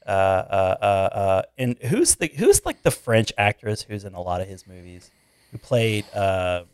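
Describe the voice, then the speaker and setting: Animated jokey man chatting. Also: low voice, unhurried, smooth, dry recording. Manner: animated, jokey, interrupts with bits. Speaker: podcast co-host. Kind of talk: casual chat.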